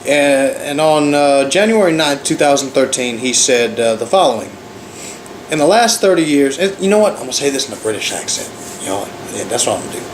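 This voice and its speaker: A man's voice: mid-range voice, animated, a little fast, echoey room, a little hiss or hum, low-quality recording. A man ranting in a sarcastic, profane commentary as a vlogger.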